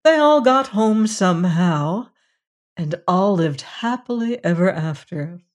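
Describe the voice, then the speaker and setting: Storyteller reading a fairy tale out loud, calm and gentle, middle pitch voice. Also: takes it slowly.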